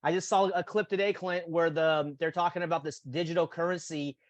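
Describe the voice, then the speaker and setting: Male podcast host, fairly high voice, dry close mic, animated, throws in silly voices for quotes. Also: brisk, dry recording. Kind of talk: casual podcast chat.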